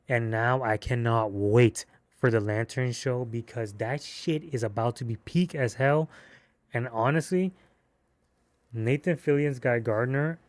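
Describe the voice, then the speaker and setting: A man giving a casual movie review, excitable and slangy, with cursing and rambling restarts. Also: mid-range voice, smooth, no room sound.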